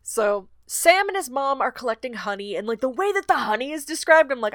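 A woman's voice: sits high, sing-song, fairly quick, fairly bright tone, no echo, clean studio sound. A woman co-hosting a book podcast, recapping chapters in casual chat, laughing often and swearing freely. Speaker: podcast co-host.

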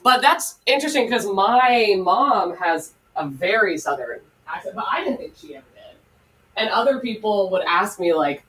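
A woman's voice: mid-range voice, normal speed, recorded from a distance, rough recording. Chatty woman, slightly off-mic. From Florida. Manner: chatty, animated storytelling. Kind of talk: casual chat. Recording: voice from farther off the mic.

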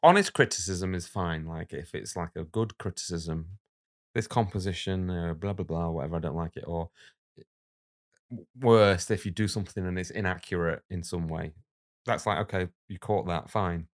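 A man with a deep, low-pitched voice and a gravelly edge to it. He talks bluntly and speaks his mind in relaxed podcast chat, and he grows animated when a subject riles him. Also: normal speed. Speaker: guest illustrator. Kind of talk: casual podcast conversation.

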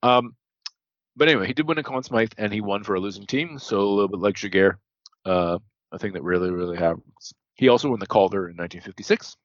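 A man with a very low voice chats casually on a podcast, running through long lists of numbers and stopping to correct himself. The sound is dry, and the recording is a little dull and lo-fi. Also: fast talker, no room sound. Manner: reels off statistics, corrects himself mid-sentence. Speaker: podcast co-host. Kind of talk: casual stats-heavy podcast chat.

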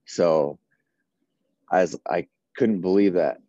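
A man's voice: deep voice, takes it slowly, warm tone, dry recording, dull audio. A man in his thirties, a firefighter, telling a long personal story casually and acting out the exchanges he had with the people around him. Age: 30s. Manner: casual, run-on retelling with many quoted exchanges. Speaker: firefighter guest. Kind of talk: storytelling in an interview.

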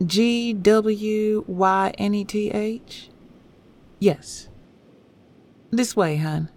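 A woman voicing a kind, compassionate female nurse with a soft Southern American accent who calls people honey. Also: medium pitch, drawn-out words, pitched above the performer's own voice. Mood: soothing.

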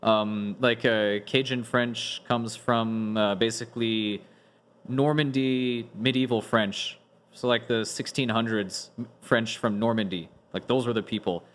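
A man's voice: mid-range voice, fairly even intonation, a little slow, fairly bright tone. A man hosting a casual podcast discussion, explaining at length with frequent restarts and "like" fillers. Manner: rambling, many restarts and "like" fillers. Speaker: podcast host.

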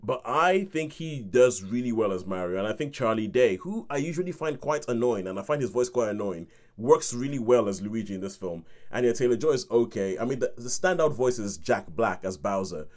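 A man's voice: mid-range voice, lively intonation, brisk, few pauses, darkish tone. A man hosting a film review podcast, chatting casually, laughing often and acting out his own reactions. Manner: chatty, laughing, acts out reactions and hums tunes.

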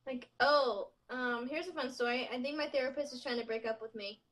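A woman's voice: high voice, steady tone, fairly quick, a bit bright. A young adult woman co-hosting a podcast, telling casual stories with giggles and self-mocking asides. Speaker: podcast co-host. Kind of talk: casual chat.

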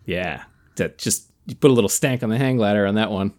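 Deadpan joking male podcast co-host. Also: lowish voice, a little fast. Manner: deadpan, mock-philosophical humor. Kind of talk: casual comedic podcast chat.

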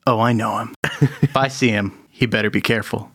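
A man's voice: on the low side, steady tone, a little fast, a bit bright, breathy edge, dry recording, studio quality. A man voicing a laid-back, cool retired male diver who is wary of trouble.

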